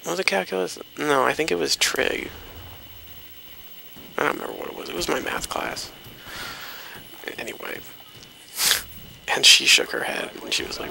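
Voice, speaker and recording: Young guy, super gravelly and bright voice, rambly swearing gamer chat, bit of hiss behind. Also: mid-range voice, moderate pace, long pauses, rough recording. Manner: rambling, swearing, loose anecdotal delivery. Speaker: gaming commentator. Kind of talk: rambling storytelling over gameplay.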